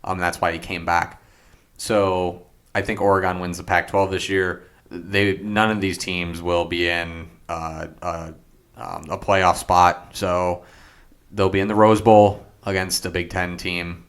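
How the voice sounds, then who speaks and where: Low-voiced man rambling about sports. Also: flat delivery, measured pace, a bit bright. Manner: rambling, hesitant, many ums. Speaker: podcast co-host. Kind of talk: casual sports chat.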